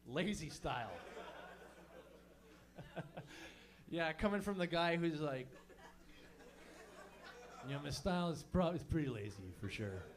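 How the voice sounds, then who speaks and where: A fairly high-voiced man from Montreal works the room in a stand-up set. He talks loosely and swears freely, tossing questions at the crowd at a small comedy show. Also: lively intonation, unhurried, long pauses. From Montreal, Canada. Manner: loose, profane, chatty, quizzes the crowd.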